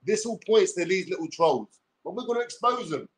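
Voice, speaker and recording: A man with a London accent, in his forties, rants on a livestream in a combative, profane way, full of street slang. His voice sits slightly high for a man. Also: animated, fairly quick. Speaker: YouTuber. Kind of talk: livestream rant.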